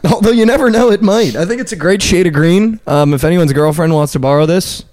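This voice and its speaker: A man's voice: high voice, a little fast, a little mellow. A young man co-hosting a sports betting podcast, joking and swearing through loose, laughing banter. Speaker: podcast co-host. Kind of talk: casual chat.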